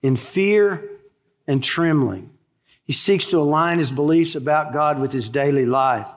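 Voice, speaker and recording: A man's voice: fairly high pitch, measured pace. A man in his sixties, a pastor preaching a sermon in a conversational, folksy way with asides to the congregation.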